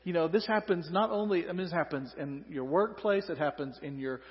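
A male pastor preaching a sermon, animated, acting out quoted voices and joking with the congregation. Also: fairly high pitch, brisk. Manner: animated, acts out quoted voices, humorous asides to the audience. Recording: dull recording with long hall reverb.

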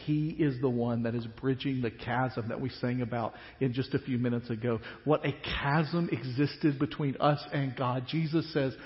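A male pastor preaching a sermon, animated, acting out the disciples' questions in quick bursts. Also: medium pitch. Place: church sanctuary. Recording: dull sound with long church reverb.

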